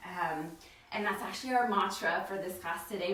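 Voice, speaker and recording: A woman leads a yoga class streamed live from her home studio. She talks in a gentle, chatty way with plenty of fillers. Her bright voice rings around a very echoey room, heard from a step away from the mic. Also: mid-range voice, normal speed, recorded from a distance, slight background noise. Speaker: yoga teacher.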